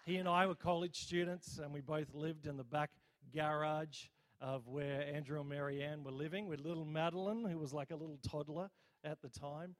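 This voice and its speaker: A man, a visiting preacher leading a healing prayer and sermon in a church, energetically rallying the crowd for responses. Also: fairly high pitch. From Australia. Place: church service.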